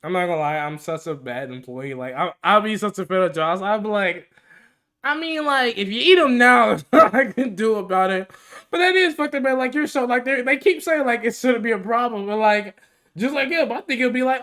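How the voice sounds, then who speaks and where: A man's voice: very high voice, animated, fairly quick, fairly bright tone. A man hosting a reaction video, laughing and riffing in casual slang to his viewers. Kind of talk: casual commentary.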